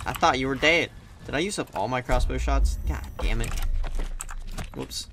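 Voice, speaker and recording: A man's voice: medium pitch, moderate pace. A man casually commenting as he plays a stealth game, chatty and wisecracking, swearing whenever a plan goes wrong. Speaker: gaming YouTuber. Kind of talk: casual let's-play commentary. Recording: noticeable background noise.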